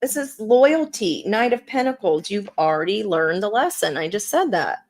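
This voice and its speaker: A woman's voice: medium pitch, big pitch swings, moderate pace, darkish tone. A woman giving a live tarot reading, chatty and encouraging, with plenty of fillers. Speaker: tarot reader.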